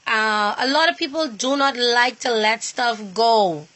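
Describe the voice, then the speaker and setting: A woman's voice: a little high, pushed and bright. A woman giving an earnest personal talk on faith, repeating herself and restarting phrases as she goes. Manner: earnest and repetitive, with halting restarts. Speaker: inspirational speaker.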